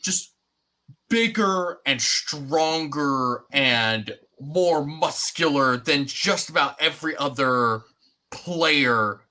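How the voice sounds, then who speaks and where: A young man co-hosting a sports podcast, talking in a loose, rambling way with plenty of fillers. His voice is bright and forward. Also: a little high, lively intonation, very slow. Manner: rambling, many fillers and restarts. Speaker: podcast co-host. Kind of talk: casual sports chat.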